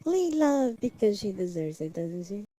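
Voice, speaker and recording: A very animated woman with a mid-range voice talks at normal speed while a crowd can be heard behind her on a low-quality recording. During her casual livestream chat she mutters to herself while setting up, humming and singing nonsense syllables.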